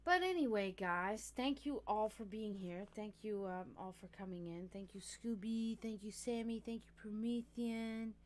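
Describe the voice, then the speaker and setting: A woman's voice: mid-range voice, a little slow, hardly any pauses. A woman hosting a casual livestream, rambling freely, swearing a lot and laughing often as she talks. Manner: chatty, profane, laughs often. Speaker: livestream host.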